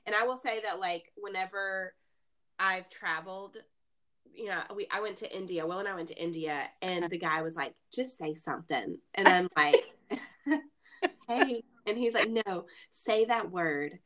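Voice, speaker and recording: A woman's voice: lowish voice, moderate pace. A woman with a Southern Alabama accent, chatting casually and laughing often as she tells stories. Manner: lively, laughs often, speeds up when telling stories. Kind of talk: casual chat.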